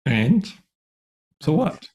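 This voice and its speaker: Guy playing a whiny teen boy, sulky and protesting, voice a bit high for a man. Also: very animated, very slow, dark tone, exaggerated voice. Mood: grudging. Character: sulky teenage boy resisting his parent.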